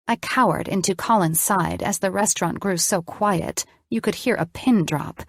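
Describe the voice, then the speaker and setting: A woman's voice: medium pitch, moderate pace, hardly any pauses, breathy edge, no echo, clean studio sound. A woman narrating an audiobook in the first person, reading expressively.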